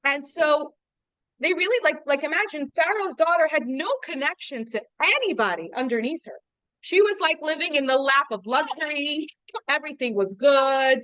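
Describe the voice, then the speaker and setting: A woman's voice: high-pitched, expressive, moderate pace, fairly bright tone, dry recording. A woman teaching an informal class, chatty and full of "like" fillers, explaining through rhetorical questions. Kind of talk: informal lesson.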